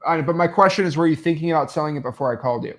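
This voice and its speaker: A man's voice: a little high, racing, fairly bright tone. A young man coaching wholesaling in a loose, rambling tutorial, full of fillers and restarts. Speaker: real estate wholesaling coach. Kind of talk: casual screen-recorded tutorial.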